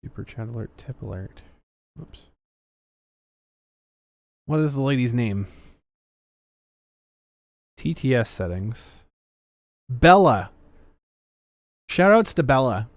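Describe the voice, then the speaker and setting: A man's voice: mid-range voice, animated, slow, pauses often, no echo, studio quality. Sarcastic man reading chat on stream. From Canada. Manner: sarcastic, swears, reads chat aloud. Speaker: livestream host. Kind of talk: casual livestream commentary.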